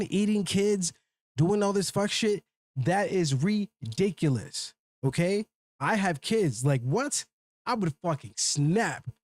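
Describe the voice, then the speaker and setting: A man's voice: high voice, a little mellow, dry recording. A man hosting a live stream, ranting off the cuff with heavy swearing and rambling fillers. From Minnesota. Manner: heated, profane, rambling with filler words. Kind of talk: unscripted livestream rant.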